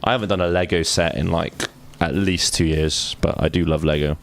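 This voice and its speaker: A man's voice: low-pitched, fairly even intonation, moderate pace, vocal fry. A man streaming a game, chatting casually and joking while reading the game's text aloud. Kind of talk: casual gaming commentary.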